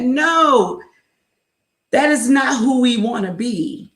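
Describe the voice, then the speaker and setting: A woman's voice: high-pitched, lively intonation, unhurried, pushed and bright, echoey room. A woman hosting a live motivational talk as a life coach, emphatic and repetitive, driving each point home and mixing in faith-based encouragement.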